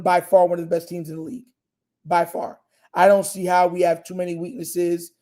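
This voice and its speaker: A man's voice: high voice, dark tone. A young man hosting a fan live stream, talking casually and emphatically, repeating his points and using slang. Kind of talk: casual live reaction chat.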